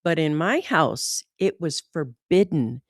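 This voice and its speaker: An American woman talking casually as a host, animated and often saying "like". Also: deep voice, slow, no room sound, studio quality. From United States. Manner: animated, says "like" often, mimics accents. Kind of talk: casual conversation.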